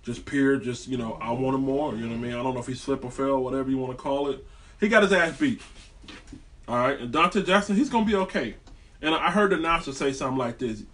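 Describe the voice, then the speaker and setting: A man's voice: medium pitch, quick pace, a bit bright, distant mic. A man delivering a heated, profane, rambling sports rant as a fan vlogger.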